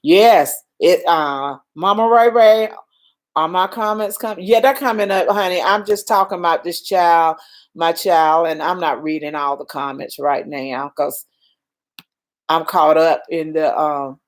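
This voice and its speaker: A shaken older woman hosts a casual live stream and speaks slowly in a lowish voice. She answers viewers' comments with reassurance while she tries to settle her nerves. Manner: emotional, reassuring, reads viewer comments aloud. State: shaken, calming down.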